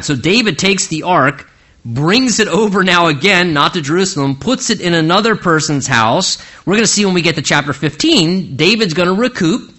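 A middle-aged man preaching a sermon as pastor, animated and acting out the voices he quotes. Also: a little high.

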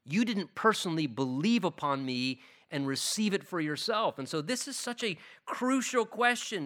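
A man's voice: high-pitched, animated, moderate pace, hardly any pauses, a bit bright. A man, a pastor, preaching a sermon in an earnest, emphatic way.

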